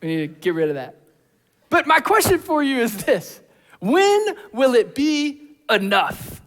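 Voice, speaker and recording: Animated preacher, high voice. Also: male voice, measured pace. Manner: animated, acts out voices with shouts and hushed tones. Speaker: pastor. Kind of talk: sermon. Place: church hall. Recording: long hall reverb.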